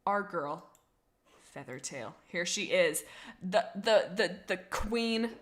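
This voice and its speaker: A young woman in casual livestream chat, thinking out loud and answering her chat. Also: fairly low pitch, expressive, takes it slowly. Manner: chatty, reads chat messages aloud, thinks out loud. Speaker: streamer.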